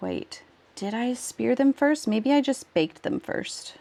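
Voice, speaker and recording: Woman streamer, casual crafting chat, lively swinging pitch, easy slow delivery. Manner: giggly, thanks viewers warmly, talks to herself while working.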